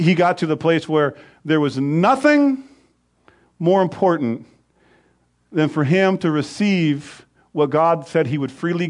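A middle-aged male pastor preaching a sermon, rising loud on scripture and dropping low and soft.

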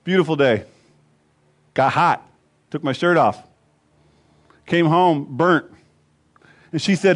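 A man's voice: a little high, slow, pauses often. A man pastor preaching a sermon, emphatic and repetitive, building rhythmic lists.

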